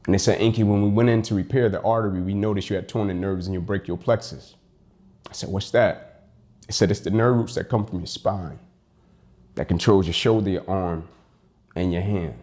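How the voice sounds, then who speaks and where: A man's voice: low-pitched, steady tone, fairly quick, mellow. A young man giving a personal storytelling speech, emphatic, acting out the dialogue he quotes. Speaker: motivational speaker.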